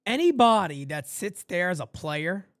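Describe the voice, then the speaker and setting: A man from New York hosting a live fan play-by-play stream, blunt and profane, swinging from loud calls to low asides. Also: big pitch swings, unhurried, no room sound, studio quality. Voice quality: profane, blunt street talk.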